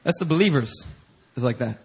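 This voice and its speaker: A man pastor preaching a sermon through an animated story, acting out voices and bursting into shouts. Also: mid-range voice, fairly quick, creaky, breathy edge.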